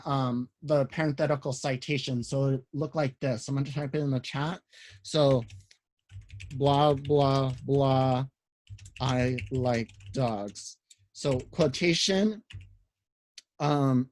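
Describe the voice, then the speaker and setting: A man with a fairly high voice lectures a writing class over a video call. He talks loosely and conversationally, stopping and restarting his phrases and filling pauses with "um" as he walks through the rules. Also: darkish tone. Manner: casual, many "um"s and restarts, explains step by step. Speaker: college writing instructor.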